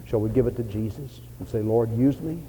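Revival preacher, male, deep mellow tone, fervent swells and soft appeals, long reverberant sanctuary. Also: a little fast, a little hiss or hum. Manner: fervent preaching with sudden loud cries and soft pleas; old-fashioned revival cadence. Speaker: pastor. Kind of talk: sermon. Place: church sanctuary.

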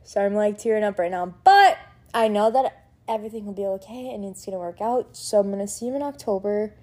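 A woman's voice: mid-range voice, expressive, fairly quick, a little mellow. A young woman vlogging in a casual, chatty, sentimental way, full of likes and ums. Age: young adult. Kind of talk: casual chat.

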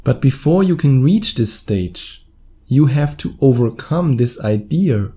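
With lively intonation but a slow pace, a German-accented man in his thirties delivers a solo podcast monologue. His mid-pitched voice is very dark and mellow, and he keeps things chatty, chuckling at his blunders.

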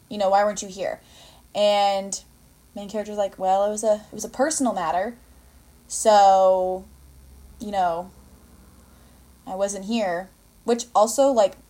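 A young woman talks through a movie on her solo podcast in a loose, rambling way. She fills her speech with "like" and "you know," corrects herself mid-sentence, and briefly slips into the voices of the people she quotes. Her pitch sits in the ordinary middle range. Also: warm tone. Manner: chatty and rambling, frequent fillers and self-corrections, acts out quotes. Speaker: podcast host. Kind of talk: casual solo podcast chat about a movie.

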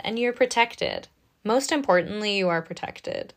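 A woman giving a casual spoken tarot reading in a gentle, reassuring, chatty way, often tagging her lines with "right?". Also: fairly low pitch, slow, pauses often. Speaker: tarot reader.

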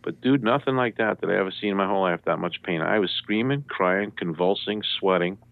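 A man telling a story as a radio show guest, lively and jokey, acting out the voices of the people in it. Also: deep voice, fairly quick, vocal fry, no room sound. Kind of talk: animated storytelling. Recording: dry tinny phone line.

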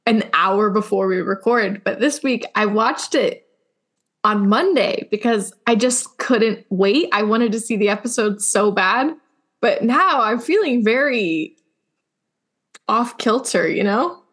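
Slow and expressive, her medium-pitched voice carries a touch of brightness. As a young podcast co-host she chats casually, teasing sarcastically and mimicking family members in quoted voices.

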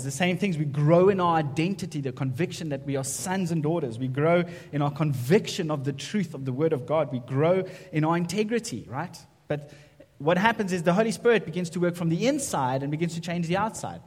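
A man's voice: on the high side, darkish tone, husky. A man preaching a sermon in a conversational way, often checking in with "right?". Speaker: pastor. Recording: long reverb of a hall.

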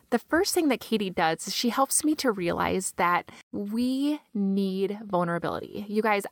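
A woman's voice: medium pitch, dry recording, studio quality. A woman hosting a podcast, talking straight to her listeners in an earnest, encouraging monologue. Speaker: podcast host.

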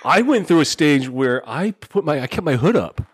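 On a podcast, an adult man who is a father tells crude stories casually, acting out the dialogue with animation. His voice is a little high and his pace moderate, with slight background noise.

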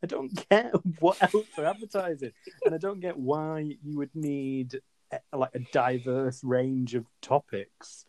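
A man's voice: on the high side, unhurried, darkish tone. A man co-hosting a podcast, joking and asking incredulous questions in casual banter. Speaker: podcast co-host. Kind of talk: casual chat.

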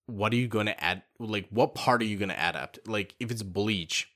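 A man in casual chat, animated, swearing freely and restarting his sentences. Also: on the low side, moderate pace.

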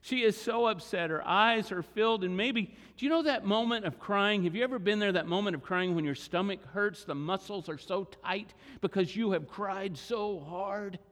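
Guy preaching a sermon, pretty high voice, slows way down to hit points, big church echo. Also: fairly bright tone. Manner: dramatic retelling with acted quotes, slowing for emphasis. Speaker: pastor. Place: church sanctuary.

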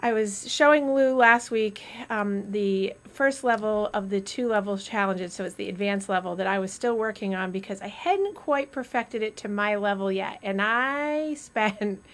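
A woman's voice: mid-range voice, normal speed, hardly any pauses. A woman hosting a casual live stream, chatty and rambling, often laughing.

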